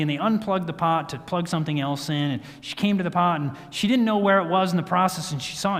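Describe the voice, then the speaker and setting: A man giving a health talk at a church, telling a story in an animated way and acting out what people said. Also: on the high side. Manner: storytelling, animated, acts out quotes. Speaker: guest speaker. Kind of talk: sermon-style health talk. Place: church sanctuary. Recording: church hall reverb.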